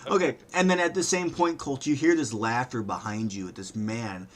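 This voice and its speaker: A man's voice: medium pitch, fairly even intonation, moderate pace, background noise. Man, game master, rambling narration, hesitant, fillers.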